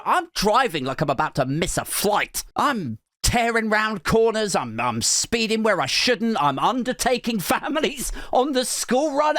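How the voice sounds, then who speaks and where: A man, a podcast host telling a comic story in a sweary, animated way, acting out other people's voices. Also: high voice, no echo, clean studio sound. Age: 40s.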